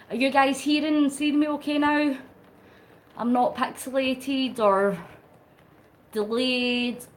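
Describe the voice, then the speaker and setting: Woman vlogger, fairly high voice, chatty live-stream talk while cycling, laughs a lot. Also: slight background noise. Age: middle-aged. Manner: chatty, laughs often, reads out viewer comments; talks while pedalling on a bike. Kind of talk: casual live-stream chat.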